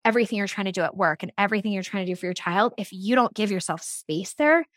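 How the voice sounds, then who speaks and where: Earnest, animated woman telling her story. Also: medium pitch, quick pace, dry recording. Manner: earnest and animated, frequent "like" fillers. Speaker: podcast guest. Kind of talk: candid conversational storytelling.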